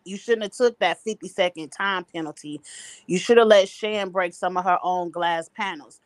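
A woman's voice: on the low side, moderate pace, no room sound. A woman hosting a casual recap chat over a video call, opinionated and blunt. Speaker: host.

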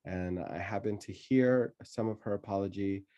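A man telling a childhood story in casual conversation, laughing often and pausing with many fillers. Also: fairly low pitch, dark tone, muffled recording.

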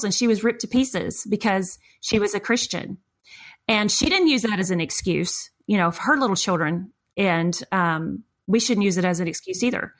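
A middle-aged woman telling a story in conversation, acting out quotes with lively shifts in voice. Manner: expressive, acts out quotes with big pitch jumps.

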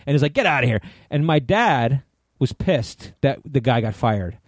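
A man's voice: medium pitch, lively intonation, measured pace, dry recording. Swearing Connecticut man, dry studio. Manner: emphatic, profane, agreeable backchannels. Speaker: podcast co-host. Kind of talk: casual storytelling chat.

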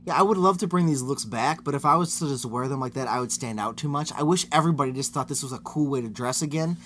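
A man's voice: mid-range voice, fast talker, a bit bright, slight background noise. A man co-hosting a podcast in casual chat, riffing and spinning jokes into bits. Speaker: podcast co-host.

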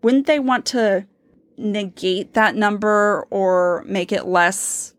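A woman's voice: medium pitch, steady tone, slow, no echo. A woman co-hosting a podcast, talking casually and eagerly about a book and her theories. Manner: enthusiastic, theorizing, reads quotes aloud. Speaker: podcast co-host. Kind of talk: casual book-discussion chat.

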